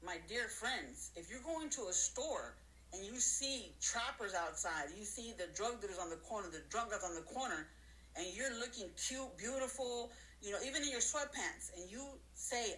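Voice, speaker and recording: A woman giving a casual motivational talk to her audience, counting off her points and acting out other people's voices in high squeals. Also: animated, moderate pace, sharp tone, slight background noise, low-quality recording. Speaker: motivational speaker.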